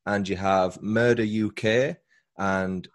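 British guest, low-pitched, easygoing and explanatory; a podcaster being interviewed. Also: male voice, steady tone, slow. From Britain. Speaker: true crime podcaster, guest. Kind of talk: casual interview conversation.

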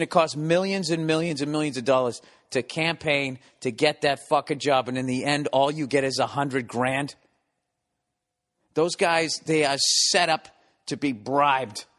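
A man's voice: a little high, a bit bright, big-room sound. A man hosting a comedy podcast, delivering a casual, rambling monologue full of profanity and sarcasm. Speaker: podcast host.

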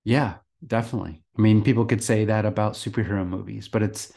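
A man's voice: fairly low pitch, fast, gravelly. A man co-hosting a podcast, chatting casually about a TV episode and chuckling often. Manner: relaxed, chuckles often, frequent restarts. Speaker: podcast co-host. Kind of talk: casual chat.

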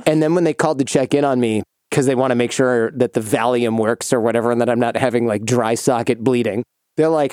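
Animated male podcast host, dry studio sound. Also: medium pitch, a little fast, dry recording. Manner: animated, laughing while telling a story. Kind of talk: casual storytelling chat.

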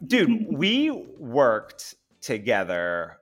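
A man's voice: mid-range voice, huge pitch swings, drawn-out words, a bit bright, soft background music. A man hosting a podcast in casual chat, laughing often and cracking jokey asides. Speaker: podcast host.

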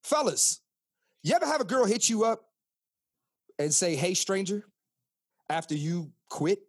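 A man's voice: high-pitched, normal speed, breathy edge, dry recording, studio quality. A man in his thirties from Philadelphia, co-hosting a podcast in loose, profane, preachy chat. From Philadelphia, Pennsylvania. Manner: animated, profane, preachy ranting. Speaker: podcast co-host. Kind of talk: casual chat.

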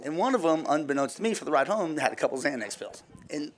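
A man rattles off a fishing charter story at high speed, his voice a little high. He is animated and peppers it with "like" and "you know". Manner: quick, animated, full of "like". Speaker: charter boat captain. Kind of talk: casual storytelling.

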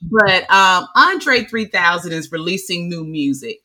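Bright, animated woman co-hosting a podcast. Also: fairly low pitch, a little slow. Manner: animated, swearing, loud exclamations. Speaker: podcast co-host. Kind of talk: casual chat.

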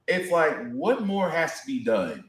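A man co-hosting a podcast in casual chat, excitable and fond of acting out quotes. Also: on the high side, reverberant. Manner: excitable, drawn-out explanations, put-on voices for quotes. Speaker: podcast co-host.

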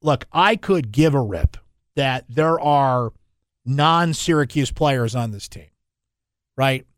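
A man hosting a sports talk radio show, opinionated and conversational with quick asides. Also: mid-range voice, expressive, no echo, studio quality. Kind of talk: casual sports talk commentary.

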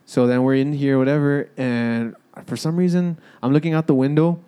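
A man's voice: medium pitch, steady tone, moderate pace, mellow, clean tone. A young man telling a story to friends in a casual, rambling way, cursing and restarting often.

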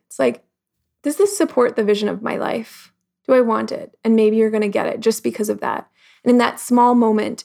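A woman in a casual interview chat whose slightly high voice has a gravelly fry running through it. She speaks reflectively, fills her sentences with "like," and jumps into animated voices when she quotes what people think. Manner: reflective, acts out quoted thoughts in lively voices; frequent "like" fillers. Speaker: podcast guest.

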